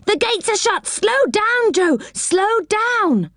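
A woman voicing an excited young boy in a storybook reading, calling out urgently. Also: takes it slowly, no echo, clean studio sound, full character voice. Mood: alarmed. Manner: shrill, urgent calls.

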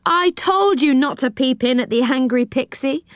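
A woman's voice: high voice, normal speed, no room sound, clean studio sound, pitched above the performer's own voice, close to an everyday voice. A woman voicing a helpful young boy in a children's storybook, explaining things and warning his cousin. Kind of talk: storybook reading.

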